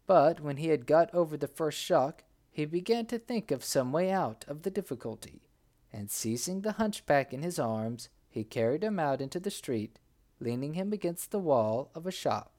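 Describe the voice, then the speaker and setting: Here a man narrates a folk tale in a slightly high voice at normal speed, performing the characters' cries with lively energy.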